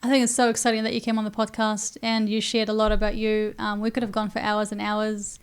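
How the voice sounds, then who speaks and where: A woman's voice: medium pitch, completely flat delivery, fast, clear, resonant tone. A woman hosting a podcast, speaking in a supportive, reflective way to her guest. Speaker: podcast host. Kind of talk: casual interview chat.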